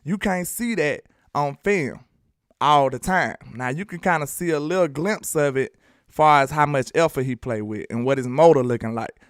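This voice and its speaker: A man from Alabama with a Southern accent giving animated, slangy football commentary, talking straight to his viewers. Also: on the high side, normal speed, no room sound, studio quality. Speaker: sports commentary host. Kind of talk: casual sports commentary vlog.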